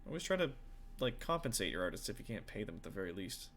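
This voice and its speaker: A man's voice: on the low side, big pitch swings, fast talker, fairly bright tone, a little hiss or hum. A man, a tabletop game master and streamer, chatting casually with viewers in a rambling, profane way full of fillers.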